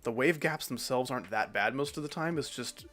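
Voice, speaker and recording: A man's voice: medium pitch, fairly quick, a bit bright, soft background music. A man streaming a game, rambling casually as he comments on his play. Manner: rambling, chatty, swears casually. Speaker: gaming streamer.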